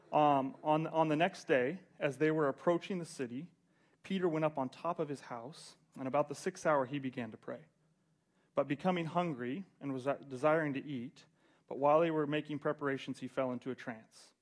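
Conversational male preacher, slangy retelling. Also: medium pitch. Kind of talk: casual sermon with scripture reading.

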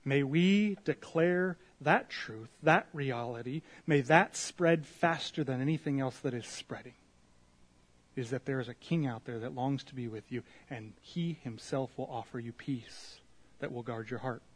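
A man's voice: medium pitch, a little slow, breathy edge. A man preaching an earnest devotional sermon and prayer, full of rhetorical questions, his voice swelling and dropping. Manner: earnest, rising and falling in loudness, rhetorical questions.

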